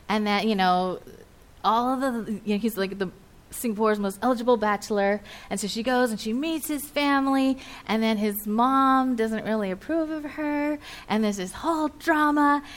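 A young woman speaking to a church group in a chatty, animated way, with many fillers. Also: a little high. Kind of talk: casual sermon talk to a group.

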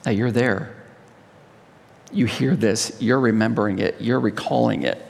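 Gravelly-voiced man preaching in a hall. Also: lowish voice, unhurried. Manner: impassioned, swelling and dropping to hushed tones. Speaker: pastor. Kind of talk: communion sermon.

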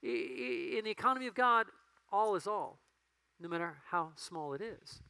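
A male pastor giving a conversational sermon that rises to emphatic peaks and drops to quiet storytelling. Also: high-pitched, lively intonation, normal speed, smooth, no room sound, poor audio.

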